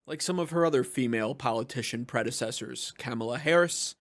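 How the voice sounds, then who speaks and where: A man's voice: medium pitch, brisk, a bit bright, a little hiss or hum. A man hosting a political commentary video, talking in a sarcastic, mocking way.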